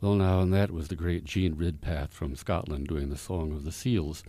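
A man's voice: rumbling low, steady tone, normal speed, warm tone. A man hosting a folk music radio show, telling stories and folklore in a folksy, rambling way from a studio.

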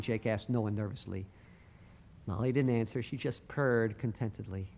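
A man's voice: lowish voice, moderate pace, a little mellow. Man reciting rhyming story, echoing hall. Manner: rhythmic, punchy delivery. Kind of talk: rhyming spoken-word recitation.

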